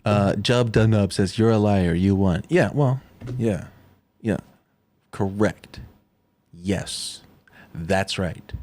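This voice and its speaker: A man's voice: fairly low pitch, takes it slowly, pauses often, a little mellow, slight background noise. A young man ranting on his livestream, sarcastic and mocking, swearing a lot and mimicking people in sneering voices.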